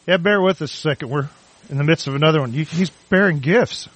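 A man's voice: a little high, fast, dry recording. A man in a casual podcast chat, laid-back, laughing and swearing.

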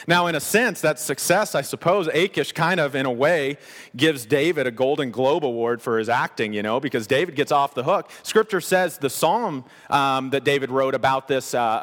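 A man delivering a lively, conversational sermon, his voice sitting a little higher than most. He drops in playful asides as he preaches, and the words carry a long reverb from a large hall. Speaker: pastor.

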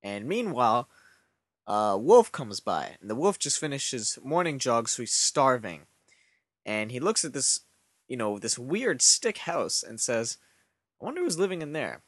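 A man hosting a podcast, telling a comic story in a deadpan way with rambling asides. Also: mid-range voice, a little slow, no echo. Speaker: podcast host.

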